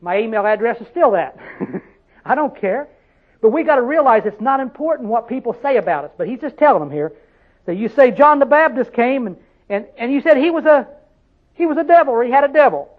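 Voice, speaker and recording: Man, preacher, very high voice, folksy rhetorical sermon, tinny phone-like recording. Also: expressive, brisk. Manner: folksy, rhetorical questions, dialect grammar.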